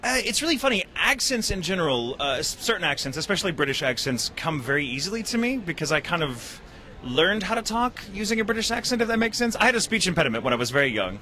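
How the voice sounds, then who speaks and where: A man who voices anime characters, chatting about his work at a convention interview, animated and quick to laugh at himself. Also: high-pitched. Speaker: voice actor and writer. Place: convention venue.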